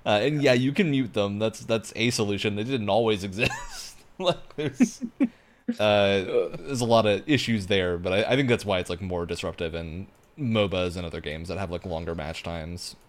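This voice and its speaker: A man's voice: fairly low pitch, big pitch swings, normal speed. A man co-hosting a casual gaming podcast, talking through his points at length with frequent fillers. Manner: thoughtful, explains at length with fillers. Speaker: podcast co-host, game developer. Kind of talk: casual panel chat.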